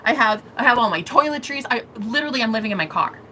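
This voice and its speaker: A woman's voice: on the high side, animated, quick pace, pushed and bright, a little hiss or hum, rough recording. A woman vlogger telling a story in an emotional, rambling way, swearing freely. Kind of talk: storytelling vlog.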